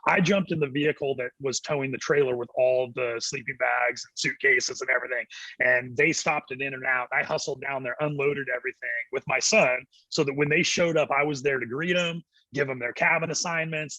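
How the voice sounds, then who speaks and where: A middle-aged man tells his story with lively energy, acting out what people said. His voice is bright and forceful, with a husky edge. The sound is close and dry. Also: mid-range voice, dry recording, rough recording. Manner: animated storyteller acting out quotes, quick laughs. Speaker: guest, youth ministry director. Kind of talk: storytelling in a church podcast interview.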